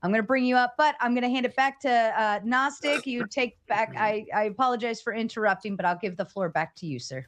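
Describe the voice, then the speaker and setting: A woman hosting a live debate stream, moderating in a brisk, bossy but friendly way. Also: on the high side, slight background noise. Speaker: host and moderator.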